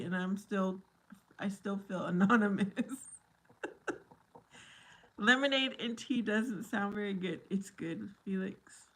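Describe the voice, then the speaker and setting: A woman's voice: mid-range voice, a little slow, a bit bright. A woman hosting a casual live chat, talking to her viewers by name, playful and laughing often. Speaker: livestream host.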